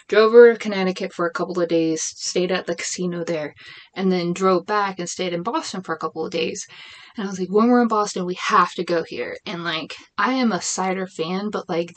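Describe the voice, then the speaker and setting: Chatty, rambling woman venting. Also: medium pitch. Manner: rambling, chatty, frequent restarts and "like"; exasperated venting. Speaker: small business owner. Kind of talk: casual chat.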